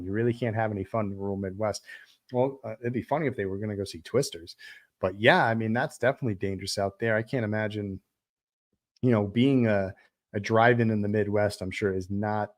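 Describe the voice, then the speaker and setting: A middle-aged man, a film director, chatting casually on a livestream and answering viewer questions, rambling with lots of fillers. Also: fairly low pitch. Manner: rambling, many fillers and restarts.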